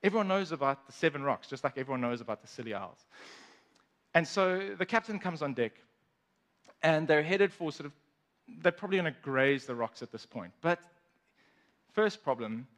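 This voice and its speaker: A man's voice: fairly high pitch, lively intonation, normal speed, pauses often, fairly bright tone. A man casually telling a story, chatty, with asides to his listeners.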